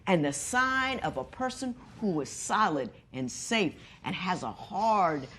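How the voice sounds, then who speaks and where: Middle-aged woman judge, firm and lecturing, slightly low voice, reads rulings with animated emphasis. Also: slight background noise. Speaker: TV court judge.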